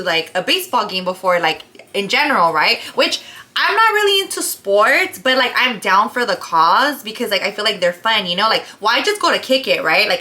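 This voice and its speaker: A young woman, telling a story in a casual, profane, animated way, full of "like" and "right?". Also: fairly high pitch. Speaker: vlogger.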